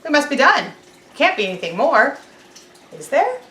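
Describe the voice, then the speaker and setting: A woman teaching a children's lesson, talking slowly and clearly in a sing-song teacher voice to young kids. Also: high-pitched, sing-song, bright, forceful tone. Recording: roomy echo.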